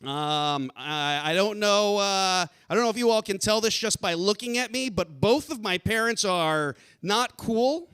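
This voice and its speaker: A man doing a stand-up set on a theater stage, deadpan and self-deprecating, bursting into shouted rants. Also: sits high, unhurried, hardly any pauses, clear, resonant tone. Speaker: stand-up comedian.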